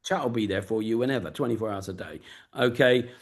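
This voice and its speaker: A mid-pitched English man with a Luton and Peterborough accent runs a casual mentoring session over a video call. He is blunt, sweary and straight-talking, the sound of a business mentor speaking plainly to his group. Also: quick pace.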